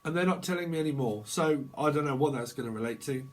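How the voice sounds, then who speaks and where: A man with a fairly high, fast voice gives a casual tarot reading monologue. He rambles and jokes his way through it, laughing often between thoughts.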